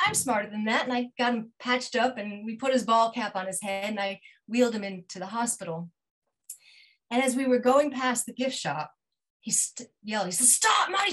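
A middle-aged woman telling a personal story over a video call, acting out dialogue with big jumps in pitch and sinking to a hush at tender moments. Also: low-quality recording. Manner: drops to a hushed near-whisper at tender moments. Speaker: featured storyteller.

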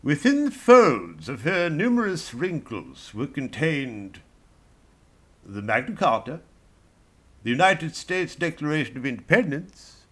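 Brief: comic as a grandiose male columnist, slow, lively in pitch. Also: full character voice. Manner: grandiose, slow, drawn-out delivery. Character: pompous male newspaper columnist.

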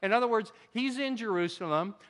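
A man preaching a sermon in a church, animated and conversational, his voice swinging from loud emphasis to quiet asides. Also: high voice, fairly quick. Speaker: pastor. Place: church sanctuary. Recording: long hall reverb.

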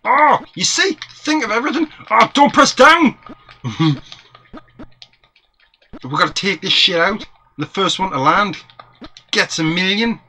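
A man playing a retro video game with a friend, excitable and swearing often, with sudden high squeals. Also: unhurried, long pauses. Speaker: gamer. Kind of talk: casual co-op let's play banter.

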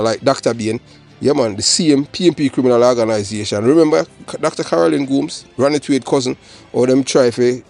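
Jamaican man, channel host, solo commentary, emphatic and rambling, patois-heavy, middling pitch, faint music underneath. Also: darkish tone.

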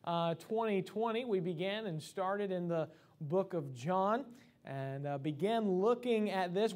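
High-voiced preacher giving a sermon. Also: male voice, darkish tone. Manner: conversational preaching with many fillers and restarts. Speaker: pastor. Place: church sanctuary.

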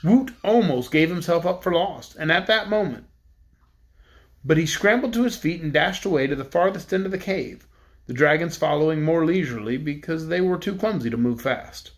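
A man narrating a children's storybook in a steady, measured reading. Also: fairly high pitch. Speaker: audiobook narrator.

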